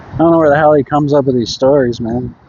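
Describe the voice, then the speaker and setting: A man's voice: mid-range voice, quick pace, darkish tone, dull audio, slight background noise. Laid-back Minnesotan guy rambling outdoors. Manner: rambling storyteller, laid-back, swears casually. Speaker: livestreamer. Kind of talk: casual live-stream chat while riding. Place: outdoors on a scooter ride by a creek.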